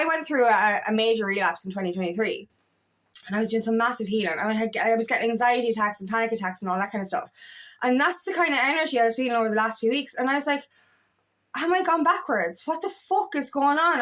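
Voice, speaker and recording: Woman coach, high voice, candid vlog monologue, swears freely. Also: fairly bright tone. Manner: frank and profane, tells stories with self-quotes. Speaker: feminine empowerment coach. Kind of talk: casual confessional vlog monologue.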